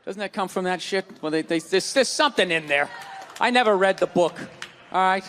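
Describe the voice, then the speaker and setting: A male stand-up comedian tears through a profane, shouting rant, his voice pushed up high and strained. A live audience murmurs and stirs around him, with a steady wash of room noise in the club. He sounds exasperated and relentless, building bits at full volume. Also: brisk, long reverb tail, some chatter behind. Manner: loud, ranting, profane. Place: stage before a live audience.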